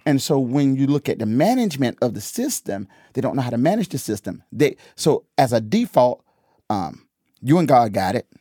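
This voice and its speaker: A man hosting a podcast, talking casually about church and drifting into preaching, animated, laughing often and repeating phrases for emphasis. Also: mid-range voice, normal speed, breathy edge, no echo, studio quality.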